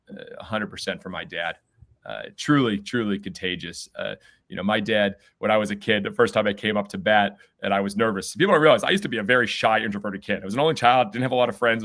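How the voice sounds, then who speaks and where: A man, a podcast guest, telling stories in an energetic, enthusiastic way. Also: lowish voice. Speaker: guest, baseball team owner. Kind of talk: conversational podcast interview.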